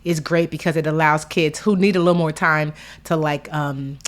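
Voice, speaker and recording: A woman with a slightly low voice co-hosts a studio podcast. She tells stories with energy and acts out the voices of the people in them. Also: moderate pace. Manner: animated storyteller, acts out family members' voices. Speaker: podcast co-host. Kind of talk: casual chat.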